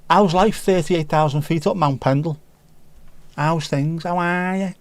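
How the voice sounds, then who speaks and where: A slightly slow, high-leaning male voice with no echo belongs to a livestream host from Liverpool. With his Scouse accent, he keeps things chatty and jokey, reading out comments from the chat.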